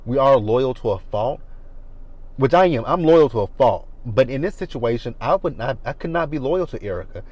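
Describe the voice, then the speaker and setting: A man in his thirties talks through a reality TV episode in a casual recap. He is blunt, emphatic and profane, speaking at a middle pitch from inside his car. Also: expressive, moderate pace, a little mellow, dry recording, poor audio. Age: 30s. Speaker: reality TV reviewer. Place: parked car.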